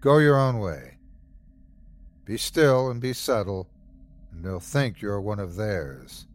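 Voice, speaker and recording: A man voicing a cryptic male stranger who speaks bluntly and quietly with a melancholy edge. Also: lowish voice, expressive, takes it slowly.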